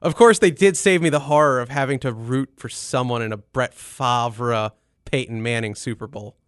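A man co-hosting a casual sports chat, profane and animated, with mock-dramatic outbursts. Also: mid-range voice, normal speed, clean tone, no room sound, studio quality. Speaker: podcast co-host.

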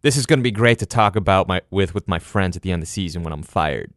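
Man, low voice, casual sports talk, mocking, opinionated, dry sound. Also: animated, fast talker, no room sound. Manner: laughs often, mocking, opinionated. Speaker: podcast co-host.

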